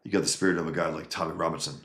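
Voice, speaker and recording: A man's voice: deep voice, flat delivery, racing, a bit bright, echoey room. A man hosting a casual livestream, reading viewer comments and talking in an emphatic, rambling way with frequent restarts. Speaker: livestream host reading chat.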